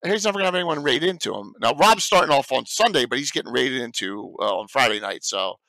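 Gravelly South Jersey stream host. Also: male voice, medium pitch, expressive, quick pace, bright, forceful tone, no echo, low-quality recording. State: hoarse from illness. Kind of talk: casual stream chat.

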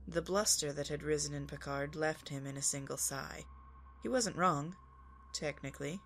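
A woman podcast host reading fan fiction aloud in a calm, even storytelling manner. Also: low voice, normal speed, slight background noise. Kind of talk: audiobook narration.

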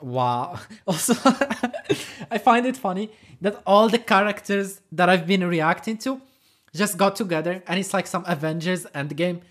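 A man's voice: high voice, unhurried, fairly bright tone. Snarky man reacting to reality TV. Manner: snarky, joking asides, laughs often. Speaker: reaction channel host. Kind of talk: casual reaction commentary.

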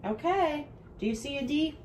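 A woman teaching a home video lesson for young children, with a bright sing-song teacher voice that goes slow and clear for the kids. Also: sits high, lively intonation, rough recording.

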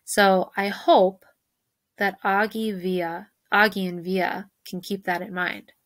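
A woman teacher who reads a novel aloud and reflects on it gently with her class, often pausing with "you know". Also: mid-range voice, level tone, no echo.

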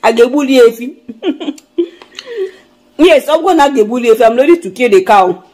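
A woman's voice: a little high, moderate pace, darkish tone, poor audio. A woman with a Nigerian accent talks straight to her viewers in a casual vlog. She frets aloud and circles back to the same worries, repeating her lines as she goes. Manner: chatty and fretful, repeats herself. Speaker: vlogger.

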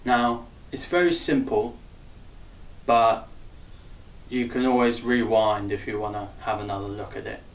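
Calling out each step and counting the beats aloud, a dance instructor leads a simple routine with a chatty, joking style. He speaks at a middling pitch with fairly even intonation and an easy, unhurried pace. The room echoes, and he sounds distant from the microphone.

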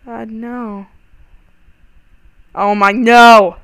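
A young man giving excitable, panicky let's-play commentary over a game, full of startled exclamations. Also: extremely high pitch, very slow, smooth. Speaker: gaming channel host.

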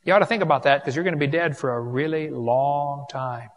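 A man's voice: fairly high pitch, a little fast. A man preaching an evangelistic sermon to a live audience, folksy and joking with the crowd. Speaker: creationist preacher.

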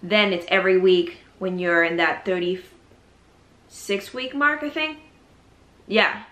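A woman's voice: medium pitch, animated, measured pace, sharp tone. A young woman chatting casually in a vlog, often out of breath and laughing as she talks. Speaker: vlogger. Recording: roomy echo.

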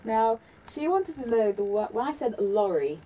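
A woman's voice: a little high, big pitch swings, moderate pace, mellow, distant mic, a little hiss or hum, rough recording. A British woman presenting on the radio, chatting in a giggly, talkative way during a casual interview. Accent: British English.

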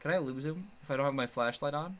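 A young man giving jumpy commentary while playing a horror game, yelling at the monster chasing him. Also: a little high, quick pace, a little hiss or hum. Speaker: gamer.

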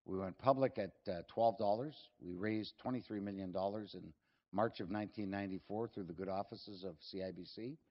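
A man's voice: lowish voice, fairly quick, lo-fi sound. An older man, speaking as a guest at an event, telling rambling, self-deprecating business stories. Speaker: guest speaker, real estate executive. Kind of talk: anecdotal talk to an audience.

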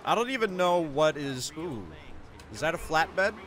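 A man's voice: fairly high pitch, lively intonation, a little slow, a bit bright, slight background noise. A man playing through a game and reading a walkthrough guide aloud, breaking off for joking asides. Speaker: gaming video creator. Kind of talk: let's play commentary.

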